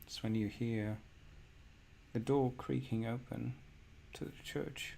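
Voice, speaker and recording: A man narrating a horror tabletop game as game master, in a measured, descriptive way. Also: medium pitch, fairly even intonation, creaky, warm tone, a little hiss or hum.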